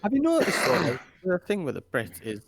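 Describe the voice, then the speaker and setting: A man's voice: sits high, huge pitch swings, a little fast, creaky, no echo, studio quality. A British man co-hosting a podcast, chatting casually with loose swearing, laughing often and acting out quotes. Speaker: podcast co-host. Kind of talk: casual chat.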